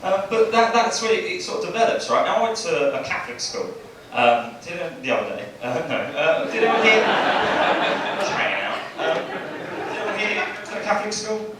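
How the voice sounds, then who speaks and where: A young male stand-up comic with a slightly high voice, chatting to a crowd and ending lines with "right?". The sound is very roomy and picked up from a distance in a small club, with a noisy room and laughter behind him. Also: big pitch swings, normal speed. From Bexley, southeast London. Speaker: stand-up comedian. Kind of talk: stand-up set. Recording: roomy club audio from far off. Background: audience laughter.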